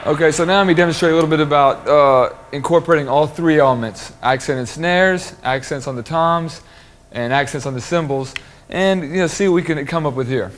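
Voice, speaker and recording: A man teaching a drum lesson, explaining soloing and accent patterns in a relaxed, explanatory way with frequent fillers. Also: on the high side, brisk, background noise. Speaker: drum instructor.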